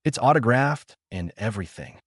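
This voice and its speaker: A man's voice: medium pitch, expressive, moderate pace, husky, no room sound, studio quality. A man voicing an impulsive young male ninja who exclaims a lot, in a storybook reading. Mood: eager.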